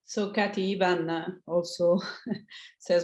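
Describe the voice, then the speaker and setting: A woman's voice: lowish voice, fairly even intonation, slow, pauses often, a little mellow. A woman reading a participant's comment aloud in a session, in a light, amused way. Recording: echoey distant room sound.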